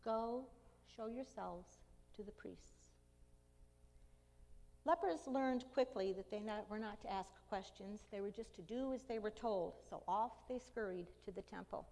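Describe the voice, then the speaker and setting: A woman preaching a sermon, retelling a story dramatically and slowly, with emphatic cries in the quoted lines. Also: mid-range voice, darkish tone. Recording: long hall reverb.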